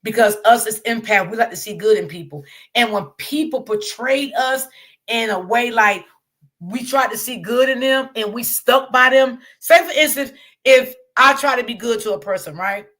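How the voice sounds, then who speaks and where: A woman's voice: fairly high pitch, normal speed, fairly bright tone. A woman, hosting a casual chat to her viewers, repeating herself and calling them y'all. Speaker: online channel host.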